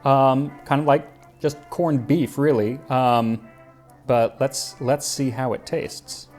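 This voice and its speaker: A man's voice: medium pitch, fairly even intonation, slow, darkish tone, soft background music. A man hosting a cooking history show, giving scripted narration with dry humor and tasting the food.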